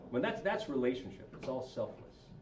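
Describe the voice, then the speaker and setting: A man's voice: mid-range voice, sing-song, fairly quick, a little mellow, slight background noise. A man talking informally to a group about marriage, asking the audience questions as he goes. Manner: conversational, asks the audience questions. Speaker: speaker on marriage and relationships. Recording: echoey room, far from mic, dull sound.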